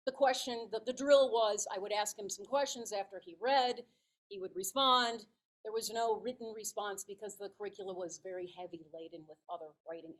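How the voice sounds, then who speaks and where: A woman in her fifties giving a prepared storytelling speech to her club, animated and dramatic, acting out dialogue. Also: medium pitch, poor audio. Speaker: club speaker.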